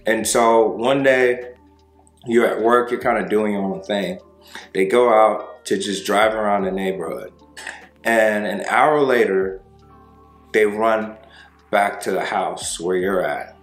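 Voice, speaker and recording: A man's voice: fairly low pitch, slow pace. A man, a breakup coach, talking casually to viewers and acting out little dialogues, often tagging his lines with "right?" and "you know". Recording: roomy sound with faint music.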